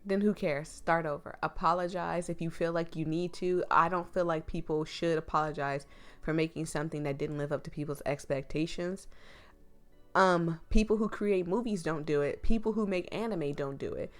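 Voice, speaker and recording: A woman's voice: deep voice, moderate pace, faint music behind. A woman hosting a let's play, reacting emphatically and enthusiastically to a visual novel and reading its lines aloud. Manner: emphatic, enthusiastic, talks back to the game.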